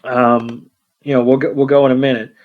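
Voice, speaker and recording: A man co-hosting a podcast, recapping a film in unhurried, halting, casual narration. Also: medium pitch, level tone. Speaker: podcast co-host. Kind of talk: casual movie recap chat. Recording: dull lo-fi podcast audio.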